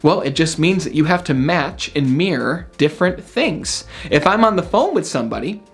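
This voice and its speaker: High-energy man with a lively pitch. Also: normal speed, husky, soft background music. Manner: high-energy, conversational, checks in with "right?". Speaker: motivational speaker. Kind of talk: energetic self-help lesson.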